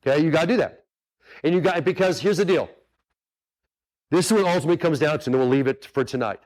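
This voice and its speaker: Casting: earnest male golf coach, fairly high-pitched, chatty and repetitive, addresses the audience directly. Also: fast, darkish tone. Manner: earnest, repetitive, talks straight to the audience with many asides. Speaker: golf instructor hosting a webinar. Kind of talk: casual coaching talk.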